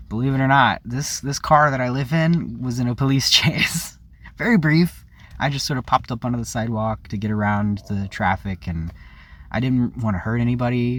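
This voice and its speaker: A man vlogging a candid personal story, rambling and confessional, often circling back and correcting himself. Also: fairly low pitch. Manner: rambling, frank and confessional, with self-corrections and frequent "like".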